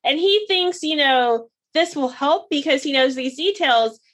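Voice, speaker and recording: A woman's voice: high-pitched, a little slow, a bit bright. A woman co-hosting a podcast, chattily recapping a show and acting out quotes with laughs. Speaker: podcast co-host. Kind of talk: casual chat recapping a show.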